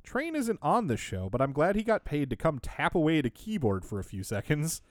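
A man's voice: fairly high pitch, very animated, brisk, no echo, clean studio sound. A man co-hosting a podcast, recapping in casual chat with a sarcastic, wry tone and frequent laughs. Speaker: podcast co-host.

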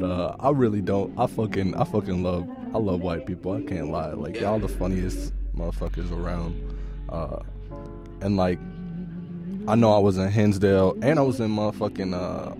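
A man hosting a podcast, delivering a casual, profane comedic rant full of laughs. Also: on the low side. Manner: animated, profane, laughing storytelling. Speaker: podcast host.

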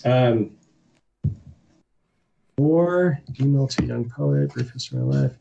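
A man's voice: mid-range voice, unhurried, vocal fry, warm tone, lo-fi sound. A man, a poet appearing as a guest, talking bluntly and wryly in casual conversation and reading his own poems aloud. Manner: blunt, opinionated, wry.

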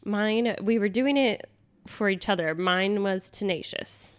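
A young woman with a stuffy, nasal cold voice, chatting easily as a podcast co-host. Her pitch sits in a middling range, and she keeps up a loose, animated flow with plenty of little fillers. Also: measured pace. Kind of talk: casual chat.

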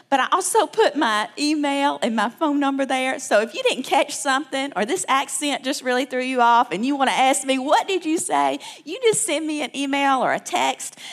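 A woman in her fifties with a South Alabama accent, telling personal stories to a church crowd in a chatty way. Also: sits high. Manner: warm, chatty, with frequent restarts. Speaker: guest speaker.

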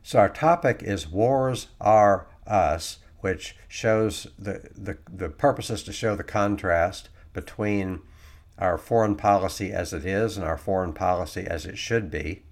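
A man giving political commentary, reading quotes aloud and adding sarcastic asides. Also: low-pitched.

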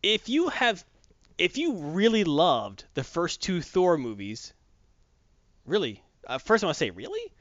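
A man retells a film's plot in a lively, casual way, his voice rising and falling a lot. His voice sits a bit high for a man. The recording is dry and somewhat muffled. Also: unhurried, no echo. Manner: animated storytelling with acted quotes. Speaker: movie reviewer. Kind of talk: casual chat.

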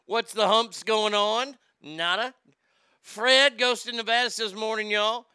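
A man hosting a casual morning live stream, reading out chat messages with loud, animated swearing. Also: sits high, measured pace, clear, resonant tone, no echo, studio quality.

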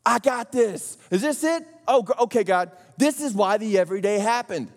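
A man preaching a sermon, telling the story in a joking, animated way with slang and acted-out voices. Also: high voice, moderate pace, few pauses. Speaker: pastor. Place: large church auditorium. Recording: long hall reverb.

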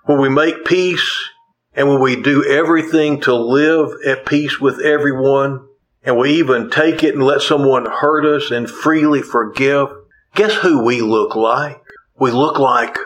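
A man's voice: medium pitch, rough recording. Earnest preaching man, repeating points. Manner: earnest, repeats key phrases for emphasis; folksy asides with gentle humor. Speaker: pastor. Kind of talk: sermon.

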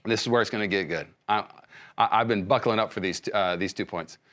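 A male pastor giving a sermon, speaking conversationally with many restarts and swinging between loud emphasis and soft hushed lines. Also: on the low side, a little fast. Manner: frequent fillers and restarts, conversational preaching.

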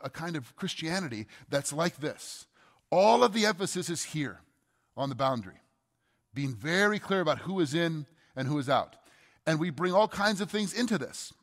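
A man's voice: on the high side, fairly bright tone, in a large hall. A man preaching a teaching sermon, explaining carefully, posing rhetorical questions and stressing key words. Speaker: pastor.

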